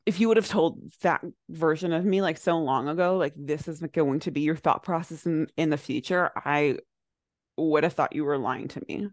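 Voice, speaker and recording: A woman's voice: low voice, normal speed, no echo, clean studio sound. A young adult woman co-hosting a podcast, talking in a rambling, reflective way, full of "like" fillers. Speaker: podcast co-host. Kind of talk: casual chat.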